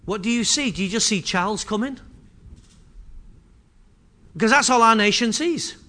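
A man's voice: high voice, expressive, moderate pace, sharp tone. A man preaching a sermon with impassioned, repetitive delivery that swells and drops in intensity.

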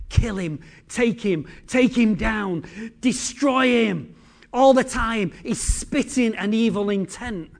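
A male preacher with a high voice retells scripture as vivid drama. He swings between loud, driving declarations and hushed, low lines. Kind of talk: sermon.

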